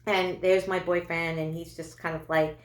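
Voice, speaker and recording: A woman's voice: on the low side, little pitch movement, normal speed, reverberant. A woman doing a stand-up comedy monologue, chatty and self-deprecating, with lots of fillers and restarts.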